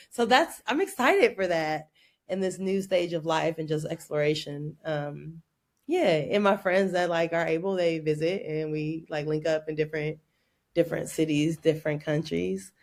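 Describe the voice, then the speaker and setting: A woman from Oakland, California, a podcast guest telling stories in an animated, playful way and laughing often. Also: sits low, moderate pace. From Oakland, California, USA. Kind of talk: casual interview chat.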